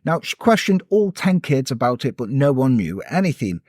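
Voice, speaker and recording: A man's voice: medium pitch, big pitch swings, moderate pace, darkish tone, no echo, studio quality. A man casually telling a true-crime story on a podcast, sweary and jokey.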